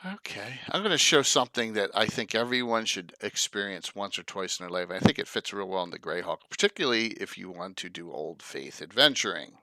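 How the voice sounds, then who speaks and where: Bright, lively man full of enthusiasm. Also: fairly low pitch, brisk, few pauses, dry recording. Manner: enthusiastic, gushing. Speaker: podcast guest. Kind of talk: casual chat about tabletop games.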